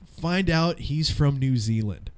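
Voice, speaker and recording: A man's voice: a little high, slow pace. A man in his thirties co-hosting a casual radio show, telling stories in a profane, laughing way. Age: 30s. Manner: profane, laughing, animated storyteller. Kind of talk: casual podcast banter.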